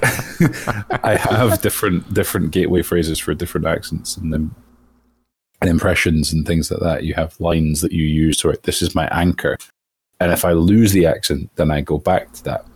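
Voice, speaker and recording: A man talking as a voice actor guest in a casual interview, thoughtful and halting, often restarting his sentences. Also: sits low, fairly even intonation, husky, no echo. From outside the United States.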